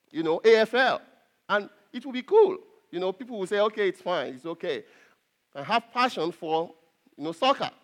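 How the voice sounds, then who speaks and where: A pastor preaching an earnest sermon to his congregation, repeating phrases and pausing on fillers. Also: high voice, fairly bright tone.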